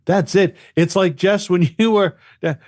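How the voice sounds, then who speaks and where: A man's voice: sits high, measured pace, darkish tone, no echo, studio quality. Blunt, profane man in casual chat. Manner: profane, emphatic, repeats words. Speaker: podcast co-host, former radio broadcaster.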